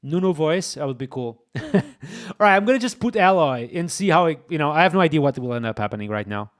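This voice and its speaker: A man hosting a live coding stream, excitable and exclaiming as he talks to his chat. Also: fairly high pitch, quick pace. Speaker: streamer, host.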